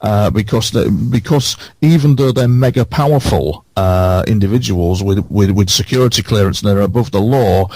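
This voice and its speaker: Earnest man, low and dry. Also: a little mellow, dry recording. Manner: earnest, repeating phrases for emphasis; halting, with many false starts. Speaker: radio show guest. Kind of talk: radio interview, recounting personal experiences.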